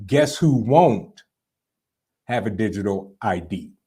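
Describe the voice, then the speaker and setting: A man's voice: on the low side, lively intonation, slow pace, dark tone, husky. A man hosting a casual live stream, chatting loosely and answering viewer comments with frequent fillers. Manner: rambling, conversational, frequent fillers and repeats. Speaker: livestream host.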